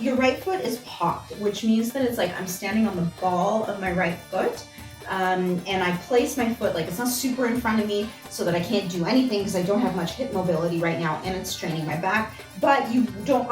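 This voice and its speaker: A woman teaching a belly dance class, chatting casually and counting out steps as she demonstrates. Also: mid-range voice. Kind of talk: instructional dance lesson. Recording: roomy sound from a distance, music behind.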